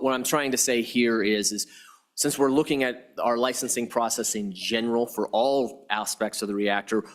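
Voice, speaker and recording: A man presenting formal testimony to a legislative committee, speaking haltingly with frequent restarts and fillers. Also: lowish voice. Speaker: federal regulator presenting to lawmakers.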